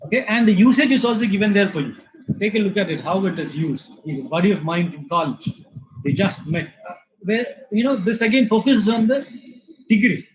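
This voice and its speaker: A man's voice: high voice, a little fast, dull audio, slight background noise. A man from India, an English lecturer, explaining vocabulary in a classroom lecture with many fillers and repeated words.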